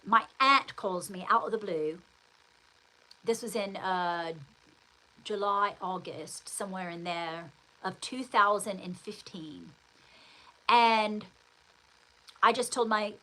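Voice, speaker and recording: A woman's voice: mid-range voice, bright, forceful tone, low-quality recording. A middle-aged woman hosting her own show, telling a personal story in a rambling, emphatic way with many restarts. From United States. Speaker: host.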